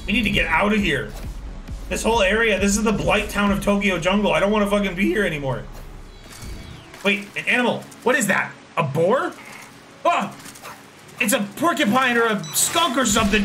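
A man streaming a video game, excitable and swearing, laughing and shouting at what happens on screen. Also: high voice, moderate pace, recorded from a distance, faint music behind. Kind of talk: casual gameplay commentary.

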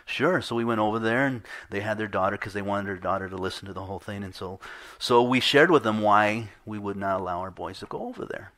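A man's voice: lowish voice, fairly quick, a bit bright. A middle-aged man preaching a sermon in a conversational way, acting out the voices he quotes. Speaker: pastor.

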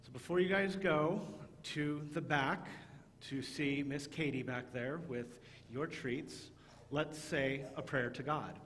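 A man leading a church service as pastor, talking to children with playful, animated emphasis. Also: a little high, takes it slowly, in a large hall. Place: church sanctuary.

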